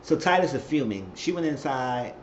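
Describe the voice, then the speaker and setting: A man talks through a TV episode in a loose, slangy, exclamatory way, retelling the scenes as he goes. His voice sits at an ordinary middle pitch. The recording is roomy and a little dull, with faint hiss underneath. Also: expressive, normal speed. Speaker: TV show recapper. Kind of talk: casual episode recap.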